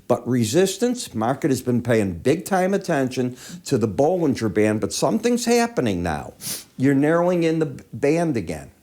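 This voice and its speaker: A man's voice: mid-range voice, a little mellow. A man with allergy sniffles giving conversational chart-by-chart market commentary, asking the viewer rhetorical questions.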